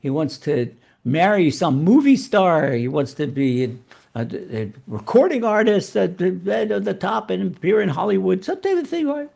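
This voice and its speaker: A man telling a religious fable and drawing its lesson, animated and prone to repeating words. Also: high-pitched, normal speed, creaky. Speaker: rabbi storyteller.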